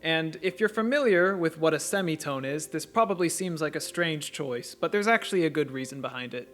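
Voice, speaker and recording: Man explaining in a calm voice-over. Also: fairly high pitch, fairly quick, soft background music. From United States. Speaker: language teacher. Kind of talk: scripted voice-over lesson.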